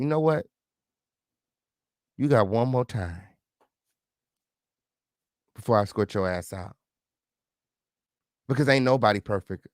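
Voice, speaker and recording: A man's voice: medium pitch, no room sound, studio quality. A man hosting a live stream, chatting casually with viewers and reading comments, sassy and heated, swearing freely.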